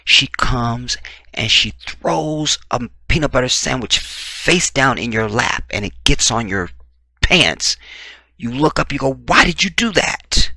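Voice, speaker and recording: A man giving opinionated true-crime commentary, talking in an emphatic, animated way with blunt, profane remarks. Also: medium pitch, slow, gravelly, no echo. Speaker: commentary vlogger.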